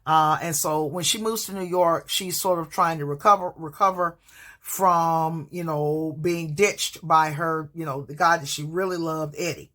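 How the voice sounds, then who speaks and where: A woman's voice: sits low, fairly even intonation, a little slow, fairly bright tone. A woman, a teacher, giving a casual spoken book review, hesitant and full of fillers, restarts and stammers. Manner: hesitant, many fillers and restarts, admits stuttering.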